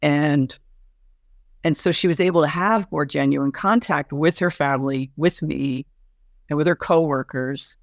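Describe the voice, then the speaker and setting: A woman psychiatrist talking about a patient as a guest in a conversation, animated and restarting her sentences often. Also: sits low, a little slow, no room sound, clean studio sound. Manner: animated, with frequent restarts and soft laughs. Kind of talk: conversational case storytelling.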